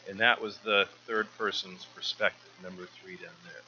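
Male church speaker, earnest and stumbly, very bright sharp tone, slightly dull recording. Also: lowish voice, moderate pace, hardly any pauses, slight background noise. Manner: earnest, often repeats words while restarting. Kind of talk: informal sermon.

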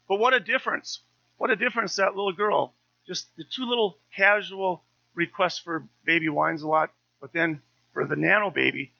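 A man's voice: high voice, gravelly, bright, forceful tone, muffled recording. A man in his fifties, a pastor preaching a sermon in a conversational, story-telling way with touches of humour.

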